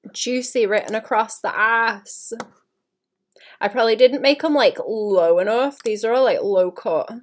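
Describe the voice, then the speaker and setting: A young woman talks loosely to her livestream audience while she works on a drawing. Her voice sits a little high. She mutters half to herself and keeps stopping to clear her throat. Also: unhurried. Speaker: artist livestreaming. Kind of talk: casual streaming chat while drawing.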